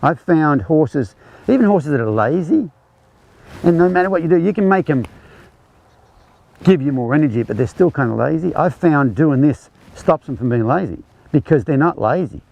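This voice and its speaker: A man's voice: on the high side, expressive, moderate pace, vocal fry, a little mellow, muffled recording. A man teaching a horsemanship clinic, explaining conversationally as he demonstrates groundwork with a horse. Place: outdoor ranch arena.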